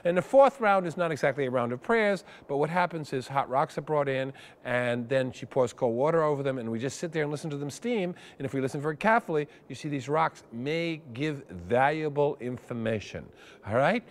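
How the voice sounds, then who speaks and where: A middle-aged man performing a wry, animated storytelling monologue, over a steady hum. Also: a little high, brisk. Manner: animated, wry, increasingly breathless. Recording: hum and noise under voice.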